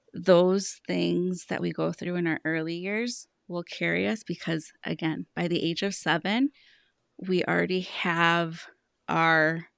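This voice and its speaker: A money coach in her thirties talks earnestly on a podcast, explaining things through stories about her clients. Her voice sits on the low side with vocal fry, recorded in studio quality with no room sound.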